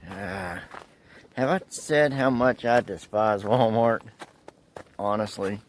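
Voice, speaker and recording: A man's voice: lowish voice, takes it slowly. A man vlogging from his car, ranting and swearing freely in a casual way. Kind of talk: casual vlog while driving. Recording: car noise behind the voice.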